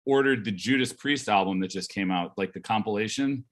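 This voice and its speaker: A man co-hosting a live podcast in casual chat, talking in halting bursts and repeating words as he restarts. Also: on the low side. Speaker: podcast co-host.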